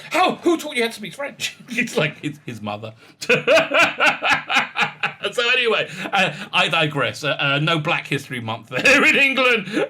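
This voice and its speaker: A middle-aged host riffs on an article in loose, casual commentary. His voice is bright and fairly high, and his pitch swings widely. He stammers through fillers and restarts and laughs often. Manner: rambling, many fillers and restarts, frequent laughs.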